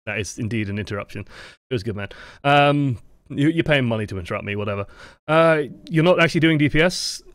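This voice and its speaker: Male game coach, mid-pitched, dry close sound, chatty explainer who corrects himself mid-sentence. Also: quick pace, a bit bright, no room sound. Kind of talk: live-streamed coaching explanation.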